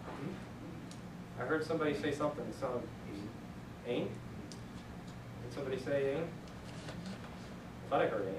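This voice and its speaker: A mid-range male voice lectures on Bible Greek a little slowly, with long pauses as he thinks aloud, jokes and encourages. Sound is echoey and noisy, from a mic placed far away.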